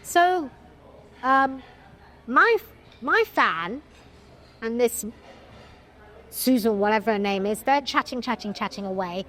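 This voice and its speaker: A middle-aged woman, a film producer telling an animated story in an interview, with frequent restarts. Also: on the high side, takes it slowly, pauses often.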